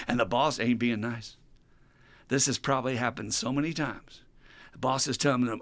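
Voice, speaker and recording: A man hosting a podcast, telling stories in a casual, animated and profane way. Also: medium pitch, moderate pace, no echo. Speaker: podcast host. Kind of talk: casual chat.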